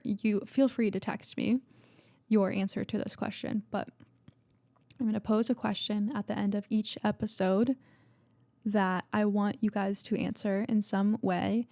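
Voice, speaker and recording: A woman's voice: mid-range voice, dark tone, dry recording. A young woman hosting a podcast in casual chat, gushing and chatty with lots of fillers and swearing. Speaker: podcast host.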